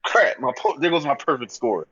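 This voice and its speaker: A man co-hosting a casual podcast, thinking out loud and hedging his guesses. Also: mid-range voice, lively intonation, normal speed, lo-fi sound, crowd noise. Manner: thinks aloud, hesitant guesses. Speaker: podcast co-host. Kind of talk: casual chat.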